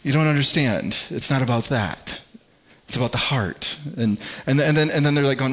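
A middle-aged man delivers a sermon as a pastor in a relaxed, conversational way. He repeats words as he thinks aloud and often acts out what others might say. The recording sounds a little dull and muffled. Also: medium pitch, moderate pace. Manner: conversational preaching, acts out quoted voices.

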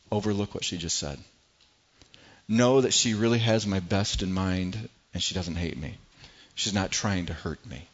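A middle-aged male pastor delivers a sermon in an earnest, conversational way, often doubling words as he works toward a point. His voice sits on the low side. The recording is dull and lo-fi. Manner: earnest, repeats words when building a point.

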